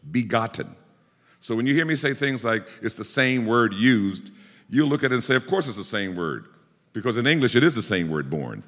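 Male pastor, emphatic exhorting sermon voice, very animated, recorded in an echoing church. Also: mid-range voice. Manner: emphatic, rising to forceful exhortation. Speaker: preacher.

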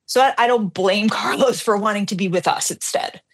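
Speaking fairly quickly at a normal middle pitch, a middle-aged woman hosting a radio show shares a story in a relaxed, animated style. She slips into the characters' lines and teases herself along the way.

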